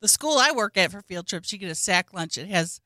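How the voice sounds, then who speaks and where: A woman's voice: medium pitch, expressive, brisk, sharp tone, dry recording. A woman co-hosting a casual comedy podcast, with dry teasing humor. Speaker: podcast co-host.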